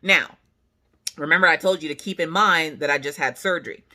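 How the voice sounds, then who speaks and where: A woman hosting a casual vlog, telling a family story in an animated, emphatic way with sassy asides. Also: deep voice, brisk. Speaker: channel host, mother.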